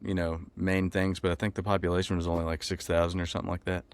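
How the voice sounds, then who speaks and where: A young man, talking casually in an interview with lots of ums and pauses. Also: deep voice, clean tone, no echo. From Texas. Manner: relaxed, many ums and restarts. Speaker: musician guest.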